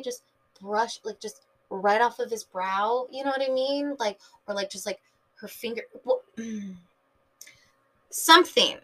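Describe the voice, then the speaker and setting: A woman's voice: a little high, sharp tone, poor audio. Tired, rambling woman podcast host. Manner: rambling, filler-heavy, enthusiastic fan talk. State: tired, late at night. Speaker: podcast host reviewing a TV episode. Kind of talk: casual chat.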